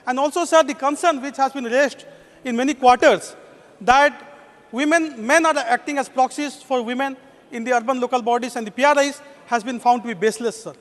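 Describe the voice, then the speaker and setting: A man's voice: very high voice, brisk. An Indian English-speaking man giving a formal parliamentary speech as a member of parliament, constantly addressing the chair as sir. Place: parliament chamber. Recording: long echo of a large chamber.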